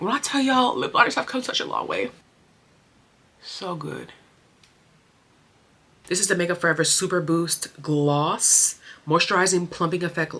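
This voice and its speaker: Young woman beauty vlogger, bright lowish voice, gushy and chatty about makeup, lots of slang. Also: husky. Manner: expressive, emotional, chatty with slang. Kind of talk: casual chatty makeup tutorial.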